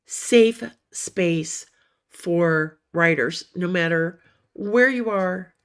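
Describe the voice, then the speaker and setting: A woman hosts a casual writers' livestream, chatty and encouraging, calling viewers honey and sweetie. Her lowish voice is smooth with drawn-out words, and a cough keeps breaking in now and then.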